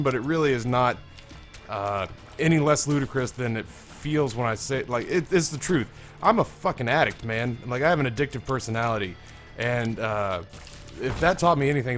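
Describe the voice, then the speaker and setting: Hoarse young man rambling over gameplay. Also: mid-range voice, fairly bright tone. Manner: rambling, candid, swears freely. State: hoarse, strained voice. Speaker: gaming video host. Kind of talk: let's play commentary.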